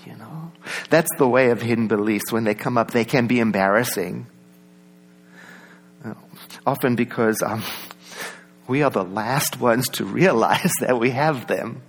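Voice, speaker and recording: A man with a South African accent giving a reflective personal talk, conversational, with many asides and soft laughs. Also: mid-range voice, a little slow, pauses often, husky. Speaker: speaker.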